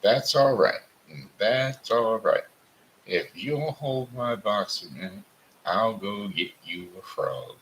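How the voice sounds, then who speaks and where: A man's voice: fairly low pitch, lively intonation, takes it slowly, fairly bright tone, a little hiss or hum, pitched above the performer's own voice, full character voice, poor audio. A man voicing a casually boastful frontier gambler who talks in a drawling, folksy way. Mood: eager.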